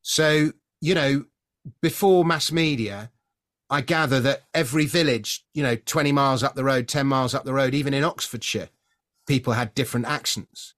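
A man's voice: medium pitch, moderate pace, fairly bright tone. A middle-aged man from London hosting an interview, chatty and opinionated, often hesitating at the start of a point. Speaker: podcast host. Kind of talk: conversational interview.

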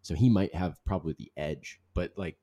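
A man's voice: sits low, normal speed, mellow, no echo. A man hosting a casual sports podcast, talking in a loose, rambling way with plenty of fillers. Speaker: podcast host.

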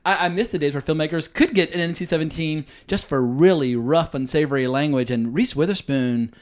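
A male podcast host chats casually about films. He sounds eager and swears freely, with a slightly high voice. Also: a little fast. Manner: enthusiastic, profane.

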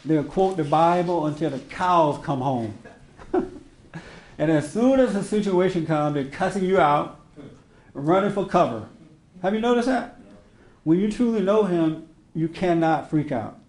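A man's voice: fairly high pitch, expressive, a little slow, pauses often, a little mellow. A man giving an informal sermon to a small group, telling stories in a conversational way and acting out quotes with laughter. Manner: conversational storytelling, acts out quotes, laughs often. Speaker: spiritual teacher. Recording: roomy echo.

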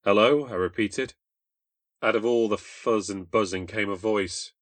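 A young man narrates a first-person ghost story in a bitter, deadpan tone. His voice sits low, and the recording is dry and close with no room sound. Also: measured pace, no echo. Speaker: podcast host and narrator.

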